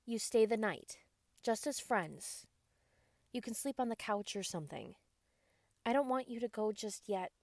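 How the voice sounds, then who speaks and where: A woman voicing a shy, playfully teasing young woman in a whispered role-play, bright and eager. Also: fairly high pitch, animated, unhurried, long pauses, dry recording, studio quality.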